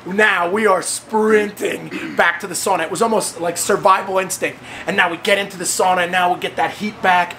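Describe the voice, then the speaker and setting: The host of a fitness training program, a man from the United States, tells a story casually in a high, bright, animated voice. He acts out the quoted voices with big jumps in pitch, and a faint hiss of background noise runs underneath.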